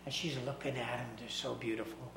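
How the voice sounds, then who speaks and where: A man preaching, telling a story with dramatic swings from loud to hushed. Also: medium pitch, flat delivery, brisk, gravelly, reverberant, a little hiss or hum, low-quality recording. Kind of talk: sermon storytelling.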